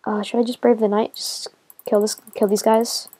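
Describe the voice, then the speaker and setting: A woman giving casual commentary as she plays a video game, talking to herself and getting excited as she goes. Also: fairly high pitch, normal speed. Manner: excitable, talks to herself while playing. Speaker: gamer.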